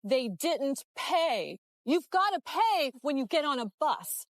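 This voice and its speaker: A woman playing Anna, a bouncy high reporter. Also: sing-song, slow, no echo, heavily acted. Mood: storytelling. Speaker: skit performer. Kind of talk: scripted comedy skit.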